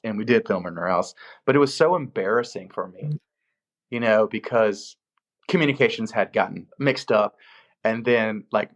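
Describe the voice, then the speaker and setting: A man with a slightly low voice tells stories from a film set in a relaxed interview. He acts out the people he quotes with lively jumps in pitch, then settles back into easy storytelling. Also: lo-fi sound. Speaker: film location manager, guest.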